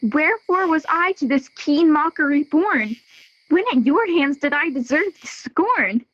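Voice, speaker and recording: A woman's voice: high voice, a little slow, no room sound, dull audio. A teenage girl voicing a desperate, scorned young noblewoman, pleading in verse for a school audio play. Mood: wounded. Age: teens. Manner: plaintive, pleading verse reading. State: out of breath.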